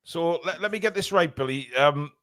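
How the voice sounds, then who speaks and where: High-voiced excitable fan commentator. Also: male voice, normal speed. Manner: excitable, shouts during attacks, swears, jokey banter. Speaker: live match commentator.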